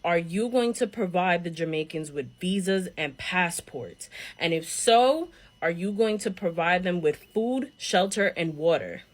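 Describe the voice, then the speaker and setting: A woman's voice: lowish voice, animated, unhurried. A woman, giving an emphatic social media rant and counting off her points one by one. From United States.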